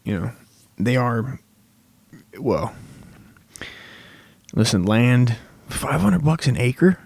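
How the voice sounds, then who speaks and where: A man's voice: mid-range voice, sing-song, drawn-out words, vocal fry, long pauses, darkish tone, slightly rough, no room sound. A young man hosting a comedy podcast, rambling through a crude, profane monologue full of swearing.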